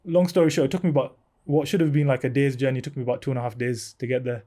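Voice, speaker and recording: A man in his thirties, a podcast guest telling a long anecdote in a casual, animated way, laughing often. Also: medium pitch, rapid-fire. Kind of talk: casual storytelling.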